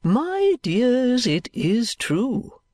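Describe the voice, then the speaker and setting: A woman reading an audiobook, voicing a whimsical, childlike middle-aged gentleman with a light, sing-song manner and slow, drawn-out phrases. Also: on the high side, very animated, no room sound, pitched above the performer's own voice, heavily acted.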